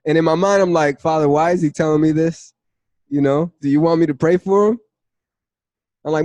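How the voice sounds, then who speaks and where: A young man teaching a Bible study in a casual testimony style, telling his story with lively retellings of what everyone said. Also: on the high side, brisk, long pauses, no echo. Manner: animated storytelling, acts out dialogue with "I was like".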